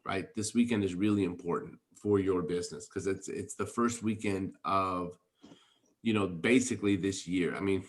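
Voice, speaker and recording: A man with a somewhat low voice talks on a video call as a team leader. He speaks with excitement and emphasis and tells stories to fire up his team. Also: normal speed. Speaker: network marketing team leader. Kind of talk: enthusiastic motivational talk on a video call.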